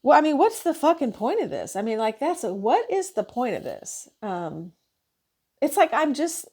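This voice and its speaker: A woman nurse venting in a casual monologue, frustrated and swearing as she retells her shift. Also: on the high side. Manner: frustrated, profane, animated retelling.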